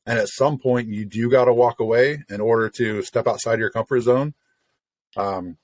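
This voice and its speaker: Male host from Illinois, husky voice, loose and agreeable chat. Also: mid-range voice, moderate pace, no room sound. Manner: relaxed, rambling, agreeable. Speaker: podcast host. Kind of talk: casual interview chat.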